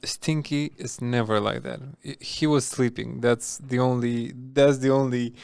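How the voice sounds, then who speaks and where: A man co-hosting a podcast, answering back with quick, defensive replies in casual chat. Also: medium pitch, steady tone, creaky, darkish tone, smooth, no echo. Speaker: podcast co-host.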